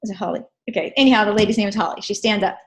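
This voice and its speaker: A woman presenting a casual, storytelling recap of a training event. She talks in an animated way and keeps checking in with her listeners. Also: mid-range voice, very fast.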